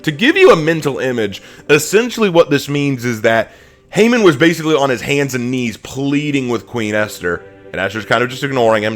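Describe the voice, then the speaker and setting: A man's voice: mid-range voice, very animated, moderate pace, faint music behind. A man teaching a Bible study dramatically, acting out scenes in voices.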